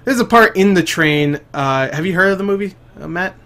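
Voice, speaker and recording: A man's voice: high voice, expressive, brisk, fairly bright tone. A young man hosting a casual gaming podcast, talking loosely with lots of swearing and laughter, often trailing off. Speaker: podcast host.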